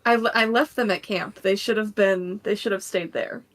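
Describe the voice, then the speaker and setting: A woman's voice: medium pitch, fairly even intonation, normal speed. A woman playing a tabletop game, talking hesitantly and repeating herself. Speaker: player. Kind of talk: casual tabletop game play.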